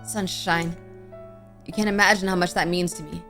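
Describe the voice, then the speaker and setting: A woman voicing a shy, clingy young male creature with cat ears, speaking softly and hesitantly with stammers. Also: on the low side, fairly even intonation, normal speed, faint music behind, natural voice.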